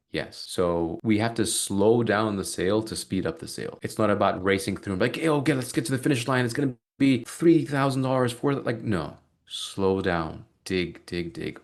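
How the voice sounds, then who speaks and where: A man with a lowish voice runs a sales training over a video call. He rattles through his points at high speed and drops into little acted-out exchanges with prospects. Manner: fast-talking, energetic, acts out sales dialogue. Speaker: sales coach.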